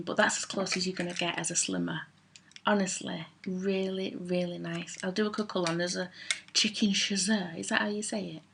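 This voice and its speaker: A woman's voice: medium pitch, vocal fry, breathy edge. A woman vlogging in a chatty, rambling, self-mocking way about favourite products. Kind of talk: casual chat to camera.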